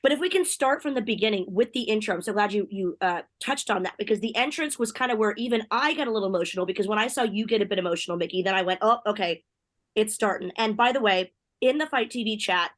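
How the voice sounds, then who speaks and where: Fast-talking bubbly woman host. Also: medium pitch. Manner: bubbly, gushing, quick asides. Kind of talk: casual podcast chat.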